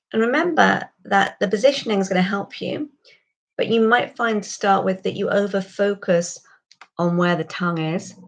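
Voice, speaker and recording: A woman giving a pronunciation lesson, calmly explaining and slowly modelling sounds for the listener to repeat. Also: on the low side, creaky. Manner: calm, instructive, models sounds slowly for repetition. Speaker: accent coach.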